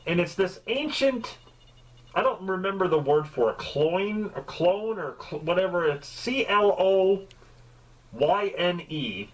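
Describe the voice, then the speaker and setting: A man giving a casual, comedic movie review, talking in an animated way with rambling asides and free swearing. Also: sits high, unhurried, rough recording.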